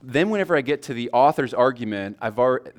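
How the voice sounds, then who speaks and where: A man's voice: medium pitch, animated, fairly quick. Man teaching a preaching class, conversational. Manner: loose and conversational, with fillers and self-corrections. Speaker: preaching instructor.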